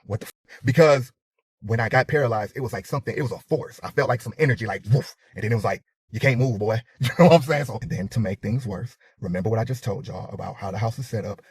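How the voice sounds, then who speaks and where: A man's voice: lowish voice, fast, breathy edge, no room sound, studio quality. A man telling a personal story dramatically, swearing freely and acting out sounds and his own panic. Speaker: storyteller in a reacted clip.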